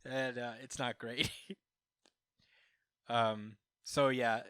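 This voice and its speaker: On a podcast microphone with clean studio sound and no room sound, a male co-host recaps a comic chapter in casual chat, acting out the characters' lines and laughing. His medium-pitched voice is clear, resonant, and a bit bright, with fairly even intonation and a very slow pace.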